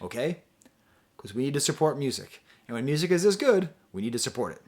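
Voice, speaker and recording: Rambling, animated man reviewing an album. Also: brisk. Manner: rambling, self-interrupting, with asides to the viewer; animated, pitch and loudness swing widely. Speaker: music reviewer, channel host. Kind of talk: casual spoken album review.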